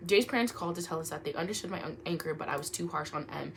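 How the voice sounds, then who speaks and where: A woman's voice: sits low, rapid-fire, gravelly, a little hiss or hum. A young woman, reading online stories aloud at home in a casual way and breaking off to react with laughs and jokes. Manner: animated, laughing asides, trips over words. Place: room at home.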